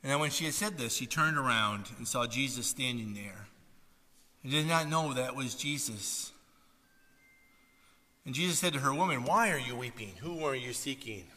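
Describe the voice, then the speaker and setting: A man preaching a sermon as pastor, impassioned, swinging between loud, raised passages and hushed, soft ones. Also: mid-range voice, normal speed, pauses often. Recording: long hall reverb.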